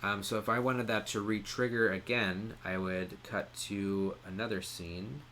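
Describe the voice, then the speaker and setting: Man, lowish voice, relaxed screen-share tutorial, lots of ums, faint room hiss behind. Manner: relaxed, many "um" pauses, explains step by step. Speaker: streaming tutorial presenter.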